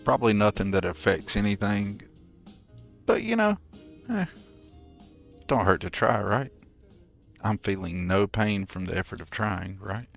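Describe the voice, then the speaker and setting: A man streaming a game, chatting casually and good-humoredly with his viewers in a relaxed, rambling way. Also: fairly low pitch, unhurried, creaky, long pauses, faint music behind. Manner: laid-back, good-humored rambling to chat. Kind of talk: casual live gameplay commentary.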